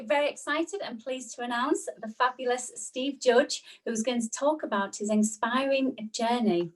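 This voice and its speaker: A woman with a slightly high voice hosts a live online broadcast and introduces the speaker. She talks over a video call and hands over once the welcome is done. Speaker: event host. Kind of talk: welcoming announcement.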